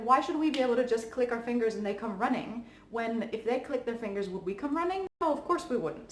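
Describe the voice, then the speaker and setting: A woman giving parenting advice in a calm, earnest, chatty way, with frequent fillers. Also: medium pitch. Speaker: parenting coach. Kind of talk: casual advice talk to camera. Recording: echoey room with faint background noise.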